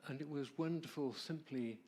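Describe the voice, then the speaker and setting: A man presenting at a church, telling a personal story in a warm, conversational way and asking the audience questions. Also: a little high, moderate pace. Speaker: marriage ministry presenter.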